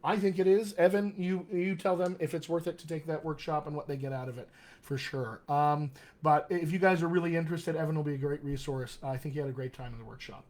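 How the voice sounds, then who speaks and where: A man's voice: a little high, steady tone, quick pace, a little mellow. A man teaching tongue exercises as a dialect coach in a live-streamed lesson, upbeat and encouraging. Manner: upbeat, encouraging, reads out viewer comments.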